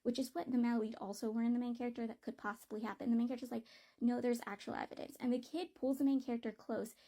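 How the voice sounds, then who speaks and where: Woman ranting about a book she hates, swears a lot, kinda high but mellow voice. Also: fairly even intonation, rapid-fire. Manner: blunt, profane, exasperated. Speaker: book reviewer. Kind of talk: casual book review rant.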